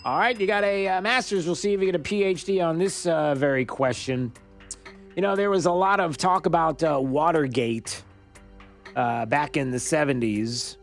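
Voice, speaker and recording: A man running a call-in talk radio quiz, his voice sitting a touch high. He jokes around and pads his lines with fillers. Soft music plays faintly underneath. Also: normal speed. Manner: jokey, loose, filler-heavy. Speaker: radio talk show host.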